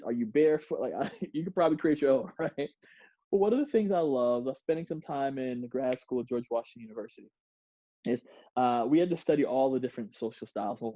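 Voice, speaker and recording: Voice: medium pitch, warm tone, no echo, muffled recording. A presenter giving a diversity workshop to a group in a playful way, acting out examples and laughing often.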